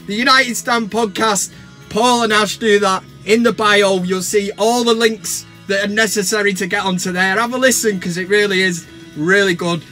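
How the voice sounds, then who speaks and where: A young man talks in a very high, bright, sharp voice. He is giddy and shouty, swearing freely as a fan vlog host, with faint music behind him. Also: steady tone, normal speed.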